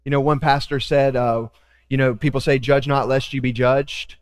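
A man preaching a sermon as pastor, animated, acting out quoted voices with joking asides. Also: mid-range voice, normal speed, in a large hall.

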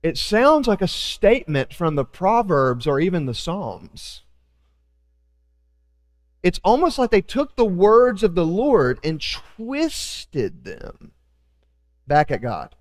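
A man preaching a sermon as pastor, animated, acting out quoted voices with joking asides. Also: high-pitched, slow, long reverb tail.

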